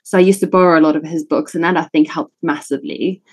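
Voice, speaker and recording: A woman's voice: sits low, fairly even intonation, quick pace, breathy edge. A woman in her thirties with a British South African accent, a neuroscientist guest chatting casually in a podcast interview, laughing often and poking fun at herself. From born in Italy, raised in South Africa.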